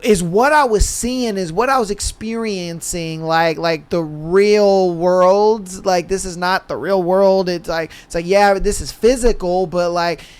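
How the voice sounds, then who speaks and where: A man's voice: high voice, measured pace, hardly any pauses, clear, resonant tone. A young man hosting a podcast, telling a story in a loose, laid-back way, swearing freely and calling listeners "bro" and "man". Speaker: podcast host. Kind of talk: casual storytelling monologue.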